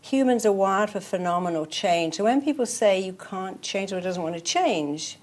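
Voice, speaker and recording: A woman's voice: medium pitch, normal speed. Emphatic woman therapist giving advice. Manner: emphatic, repeating affirmations, lively storytelling. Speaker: therapist guest. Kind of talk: motivational interview talk.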